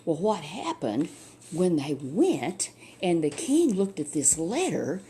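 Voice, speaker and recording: A woman's voice: lowish voice, huge pitch swings, slow, mellow, a little hiss or hum. An older woman, a grandmother telling a Bible story to a child in a folksy, chatty way full of asides.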